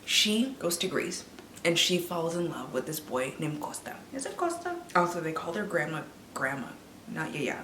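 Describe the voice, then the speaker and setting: A young woman in her twenties, a book vlogger, ranting casually about films in an animated, swearing way while a little tipsy. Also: on the low side, fairly quick, slight background noise. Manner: animated, swearing, drops to whispers. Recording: echoey room, mic a bit distant.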